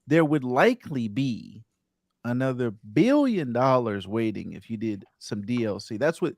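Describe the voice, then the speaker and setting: A man hosting a gaming podcast, his voice rising and falling as he reads out news items. He has a middle pitch and a close, dry sound. He talks in a casual way. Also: sing-song, normal speed, vocal fry, a little mellow, dry recording. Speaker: podcast host.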